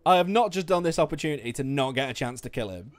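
A man streaming a video game, commenting live with swearing, shouting and laughing. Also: fairly high pitch, lively intonation, fast talker, dry recording.

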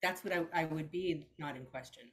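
A woman participant speaks softly in a low voice. She sounds enthusiastic and appreciative. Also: brisk, crowd noise. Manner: soft-spoken, enthusiastic.

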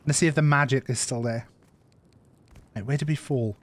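A man's voice: mid-range voice, steady tone, brisk. A man streaming a survival game, chatting loosely and repeating himself as he plays. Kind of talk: live gameplay commentary.

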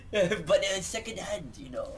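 A man's voice: sits high, sing-song, a little slow, over a noisy crowd. A man hosting a let's play, rambling goofy jokes and giggling often.

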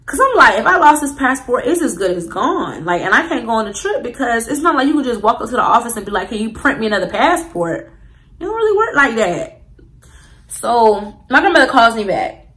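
A woman's voice: a little high, sing-song, a little fast, a bit bright, rough recording. A young woman telling a storytime to her viewers in a casual, slangy way, talking straight to the audience. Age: young adult. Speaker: vlogger.

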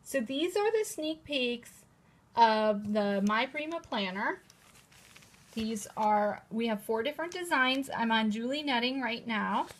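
With a fairly high, expressive voice and an unhurried pace, a woman hosts a casual live-stream showcase of new planners. Seated at a table at home and talking to a camera in a holder, she gushes chattily about how cute each page is.

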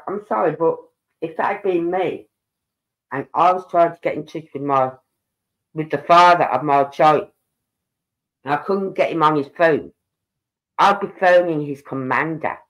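A woman's voice: sits low, normal speed, long pauses, roomy sound, highs cut off. A woman in her fifties giving opinionated, indignant commentary on a live stream, talking straight to her viewers. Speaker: true-crime live streamer.

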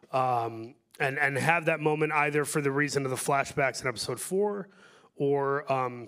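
A man's voice: mid-range voice, fairly bright tone. A man answering questions at a film festival panel, joking and rambling in a self-deprecating way. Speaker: actor on a panel.

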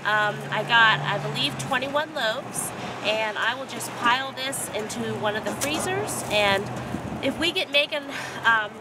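Chatty upbeat mom, slightly high voice. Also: female voice, background noise. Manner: chatty, upbeat, with fillers and laughs. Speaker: vlogger, mother of a large family. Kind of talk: casual vlog narration.

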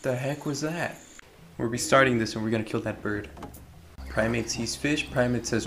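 A man at a mid pitch talks through a game with jumpy excitement, breaking into shouts and goofy caveman phrases. Game music plays clearly underneath his voice. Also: moderate pace, pauses often. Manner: excitable, yelling reactions and silly caveman talk. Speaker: gaming video creator. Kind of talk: let's play commentary.

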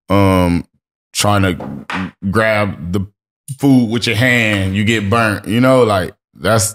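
A man guest on a podcast, telling laid-back stories in casual chat with heavy slang and swearing. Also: low voice. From Los Angeles. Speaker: podcast guest, streetwear brand owner.

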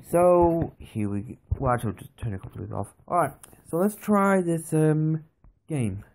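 A young gaming channel host talks casually over a phone game he's playing, recorded right on the phone. Nervous and jumpy, he rambles with plenty of fillers in a fairly high, expressive, slightly mellow voice at normal speed.

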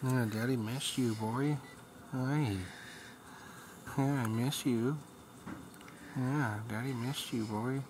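A man talking softly to his newborn son as his father, cooing and repeating himself. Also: medium pitch, fairly even intonation, background noise. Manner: soft, slow, repetitive cooing. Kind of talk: baby talk to newborn son.

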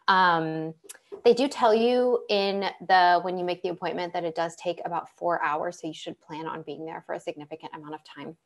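Young adult woman, low-pitched, animated personal storyteller, many "um"s and restarts. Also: gravelly. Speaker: panel guest sharing personal story. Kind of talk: conversational personal account.

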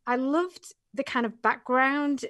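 A woman's voice: sits high, slow pace, fairly bright tone, dry recording, studio quality. A middle-aged woman from England with an English accent, a talkative guest in a casual podcast interview. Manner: chatty and talkative. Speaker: guest, business coach.

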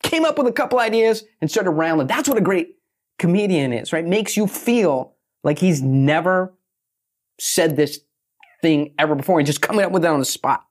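A man talking as a podcast guest and pitch expert, brash and blunt, swearing and acting out little quotes. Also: animated, normal speed. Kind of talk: fast casual podcast talk.

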